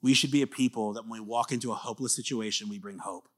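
Earnest pastor preaching conversationally. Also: male voice, on the low side, steady tone, fast. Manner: rises to emphatic bursts, drops to soft confiding tones. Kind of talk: sermon.

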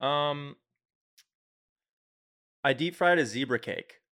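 A man's voice: medium pitch, slow pace, fairly bright tone. A young man co-hosting a podcast, chatting casually as a laid-back storyteller who swears now and then. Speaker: podcast co-host. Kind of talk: casual chat. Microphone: studio microphone.

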